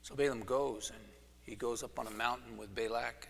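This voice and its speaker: Male pastor, casual joking sermon style, bright voice, long church reverb. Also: mid-range voice, steady tone, moderate pace, gravelly, a little hiss or hum. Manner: casual storytelling with jokes. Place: church sanctuary. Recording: echoey church hall.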